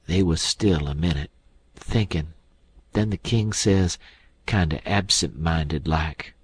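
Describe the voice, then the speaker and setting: List: male audiobook narrator, folksy storytelling, low voice, dry close sound. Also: slow pace, slightly rough, dry recording.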